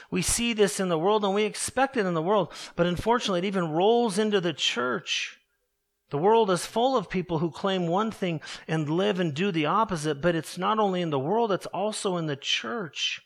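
Earnest male preacher, fairly high voice. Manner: earnest preaching, slows and drops low for emphasis. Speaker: pastor. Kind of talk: sermon.

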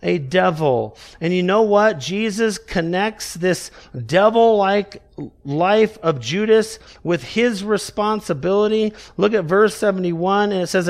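A man preaching an expository sermon, raising his voice to read scripture and dropping low to stress single words. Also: a little slow. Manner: emphatic, raises voice for scripture quotes, drops low for key words.

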